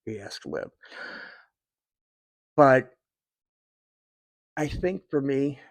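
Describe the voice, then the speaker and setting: A man in his fifties with a medium-pitched, creaky voice talks to his viewers extremely slowly yet very animatedly, with no echo in the recording. His casual, personal talk rambles warmly, full of fillers and restarts.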